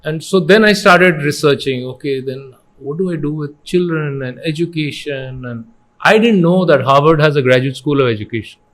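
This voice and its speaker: Here the same education company founder, a middle-aged guest from India, talks at a moderate pace with a voice on the high side. His Indian English is sprinkled with Hindi, and he recounts stories with earnest energy, performing the quoted lines.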